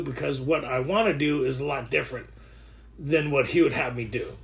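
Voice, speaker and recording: A man in his thirties sharing his recovery story in a rough, joking way, with many restarts. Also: a little high, brisk. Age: 30s. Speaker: recovery workshop speaker. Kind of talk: candid recovery share.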